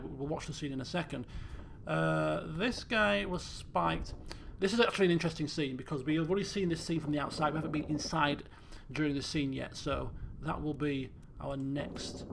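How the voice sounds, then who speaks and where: A man's voice: on the high side, vocal fry, noisy background. A man streaming a detective game, thinking aloud and quizzing himself as he pieces clues together. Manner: muses and questions himself. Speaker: let's play streamer. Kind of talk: thinking aloud while playing. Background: game music.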